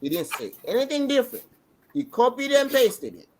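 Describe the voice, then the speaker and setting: A man on a podcast excitedly rambling through a show recap, restarting sentences as he goes. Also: very high-pitched, moderate pace, slight background noise, poor audio. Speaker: podcast co-host. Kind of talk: casual reaction chat.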